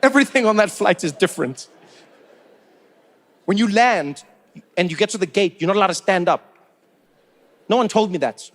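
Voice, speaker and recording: A man's voice: high-pitched, expressive, normal speed, long pauses, a bit bright. A man in his forties from South Africa doing stand-up comedy, telling stories with incredulous rising questions.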